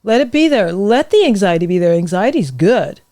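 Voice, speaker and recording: A middle-aged woman coaching vocal warm-ups with bright encouragement, her voice sitting at an ordinary middle pitch. The sound is dry and close, with no room around it. She demonstrates and cheers her student on as she goes. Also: very animated, normal speed, dry recording. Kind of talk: guest leading vocal warm-up exercises. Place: podcast studio.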